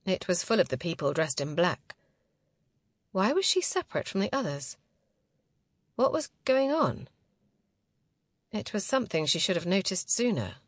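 Woman audiobook narrator, lowish voice, dry close sound, steady read. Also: moderate pace, pauses often, dry recording. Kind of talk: scripted narration.

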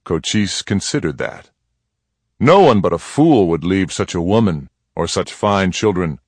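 A man reads a western story aloud with calm, even delivery. His voice sits very low and moves at an unhurried pace, recorded close and dry with no room around it. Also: dry recording. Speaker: audiobook narrator. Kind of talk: scripted narration of a western story.

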